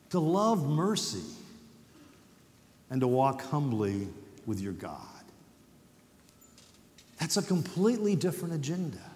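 A middle-aged man giving a chapel sermon, earnest and conversational, reading scripture with dramatic pauses. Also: on the high side, a little mellow. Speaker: university president speaking at chapel. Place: large hall. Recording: echoey hall, distant at times.

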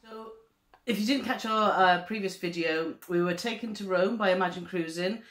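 A woman's voice: mid-range voice, moderate pace, a bit bright. A woman co-hosting a travel vlog in casual chat. She talks in a chatty, gushing way and keeps turning to her partner with tag questions. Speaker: travel vlogger co-host. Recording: roomy echo.

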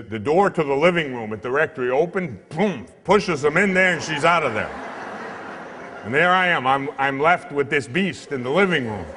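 Animated priest telling a story in a hall. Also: male voice, medium pitch. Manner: animated, comic storyteller who acts out the other people in the tale. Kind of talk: storytelling sermon. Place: church. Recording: long hall reverb.

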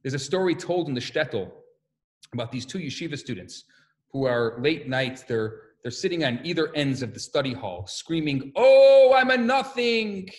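Animated rabbi telling stories in a lecture. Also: male voice, mid-range voice, moderate pace. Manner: animated, acts out quotes and stories. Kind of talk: lecture with storytelling.

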